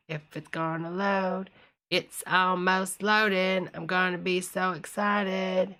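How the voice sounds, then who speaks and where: Bright-voiced woman hosting a live stream. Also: on the low side, steady tone, takes it slowly. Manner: chatty, calls everyone honey, greets viewers by name. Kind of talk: casual live-stream chat.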